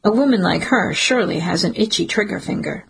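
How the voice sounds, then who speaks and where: A woman reads a first-person suspense audiobook in a steady, measured way. Her voice is very husky and breathy, with a gravelly crackle, at a middle pitch. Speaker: audiobook narrator.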